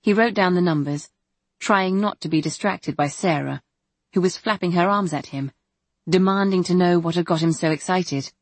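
Woman audiobook narrator, low voice, dry close sound, measured. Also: no room sound. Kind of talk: scripted narration.

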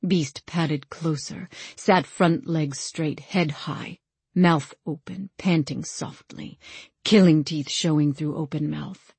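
A woman narrating a story in the first person with a measured, deliberate reading. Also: low voice, steady tone, gravelly, a little mellow, breathy edge, dry recording. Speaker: audiobook narrator.

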